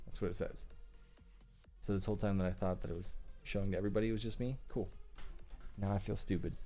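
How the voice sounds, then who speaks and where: A man's voice: low-pitched, fairly even intonation, quick pace, long pauses, warm tone, soft background music. A man casually chatting with viewers during a live stream while working on car tail lights, moving around his workbench. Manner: laid-back, talks to chat between tasks.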